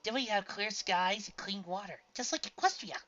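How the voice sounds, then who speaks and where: A woman's voice: medium pitch, moderate pace, pushed and bright, highs cut off, voice pushed up, natural voice. A woman voicing a grumpy, cynical pony mare who talks coldly and grumbles. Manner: cold, grumbling.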